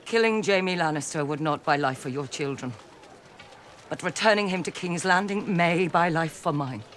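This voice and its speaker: A woman's voice: fairly low pitch, moderate pace, fairly bright tone, slight background noise, close to an everyday voice. An actress playing a defiant noble mother. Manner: pleading, firm.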